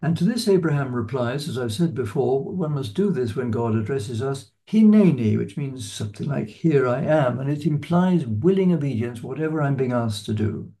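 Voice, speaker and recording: A man giving an unscripted lecture on a Bible passage, in a measured, explanatory way that stresses key words. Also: mid-range voice, warm tone. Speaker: lecturer on scripture.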